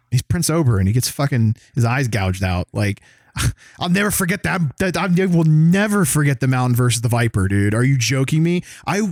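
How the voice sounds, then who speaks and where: A man from the American South, chatting casually as a co-host, rambling, excitable and full of swearing. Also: mid-range voice, no room sound, studio quality. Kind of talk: casual chat.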